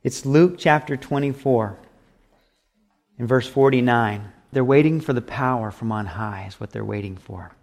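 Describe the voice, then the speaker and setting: A man's voice: medium pitch, normal speed, vocal fry, darkish tone. A man preaching a sermon as pastor, emphatic and repetitive, with acted asides.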